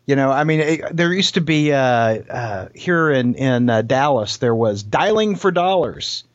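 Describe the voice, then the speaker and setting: A man's voice: medium pitch, lively intonation, unhurried, no echo. A man hosting an interview, playful and joking in casual chat. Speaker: podcast host. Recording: dry, slightly dull sound.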